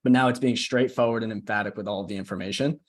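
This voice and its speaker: A young man working as a social media coach casually walks a group call through a screen-share tutorial, chatty and often checking in with "right?". His voice is fairly low, steady in tone and quick.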